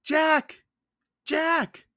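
A man voicing an eager, cheerful little girl in a storybook read-aloud, in a high excited childish voice. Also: measured pace, dry recording, studio quality, exaggerated voice.

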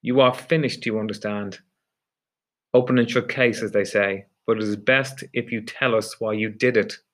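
A man's voice: fairly low pitch, steady tone, moderate pace, lightly acted. Blunt, weary police officer demanding answers, voiced by a male narrator in a storybook reading. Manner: blunt, insistent.

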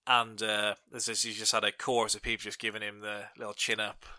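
A young man tells funny stories on a casual podcast. His voice is very bright, recorded dry and close. He laughs a lot and livens up when quoting people. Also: fairly low pitch, brisk, no room sound. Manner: laughing storyteller, animated in quoted bits. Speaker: podcast co-host. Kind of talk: casual chat.

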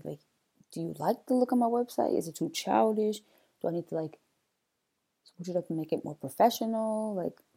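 A young woman chats on her own podcast in a loose, playful way, joking and taking asides. Her voice sits a little low, very dark and mellow, with a husky edge. She sounds sleepy, like it is early in the morning. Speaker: podcast host. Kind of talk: casual solo podcast chat.

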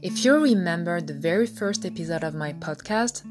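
A young woman from France with a French accent, coaching English pronunciation on her podcast in an upbeat way and repeating example words slowly. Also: on the low side, lively intonation, music in the background.

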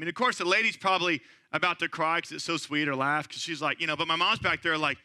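Bright-voiced man preaching conversationally. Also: on the high side, expressive, fast, few pauses, dry recording. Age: 30s. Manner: conversational storytelling, frequent "right?" asides. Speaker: pastor. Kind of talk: sermon.

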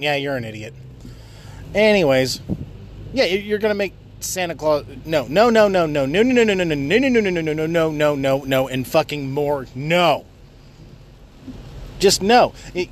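A man with a high, very lively voice rants hard from behind the wheel, cursing freely and breaking off to shout at other drivers. His pitch leaps all over as he gets worked up. A faint road noise hums under the recording from inside the car. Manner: swears constantly, yells at other drivers. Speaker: vlogger ranting while driving. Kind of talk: profane driving rant. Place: inside a car while driving.

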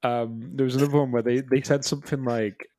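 A man's voice: medium pitch, fairly quick, no echo, clean studio sound. A man co-hosting a podcast in casual chat, telling stories with lots of laughter and the odd curse. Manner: laughing, swearing, animated storytelling. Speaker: podcast co-host.

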